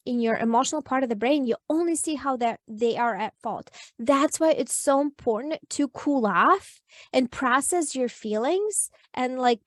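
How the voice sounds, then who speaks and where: A woman with a fairly high voice talks earnestly as a guest coach, leaning on "like" and "you know" as she explains. The sound is dry and close, with no room in it. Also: dry recording. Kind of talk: podcast interview advice.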